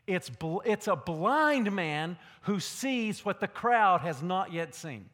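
A male preacher delivering a sermon with a fairly high voice and dramatic swings from loud calls to near whispers. His voice carries a long reverb in a large hall. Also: very animated, slow.

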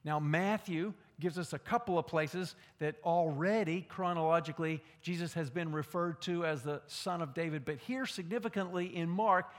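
A male preacher delivering a sermon with a fairly high voice and dramatic swings from loud calls to near whispers. His voice carries a long reverb in a large hall. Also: normal speed, few pauses.

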